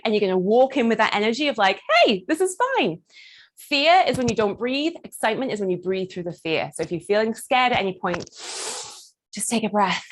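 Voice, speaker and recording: Playful, theatrical woman coach. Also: on the high side. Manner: playful, theatrical, acts out little voices and laughs often. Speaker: burlesque performer and confidence coach. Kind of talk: lively workshop teaching.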